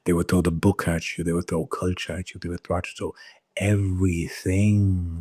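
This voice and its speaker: A man giving an impassioned spiritual pep talk, intense and profane, repeating phrases, stumbling over restarts and dropping at times into hushed whispers. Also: deep voice, flat delivery, moderate pace, no room sound, clean studio sound. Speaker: spiritual speaker.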